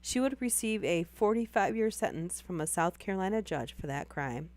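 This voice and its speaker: A woman with a hoarse, worn voice after losing it, casually reading stories aloud on a live stream and laughing between lines. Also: mid-range voice, animated, normal speed.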